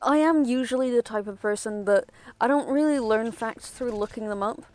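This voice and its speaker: A woman's voice: on the high side, moderate pace, darkish tone, no room sound. A woman streaming a video game, chatting casually in a rambling, self-interrupting way and laughing often.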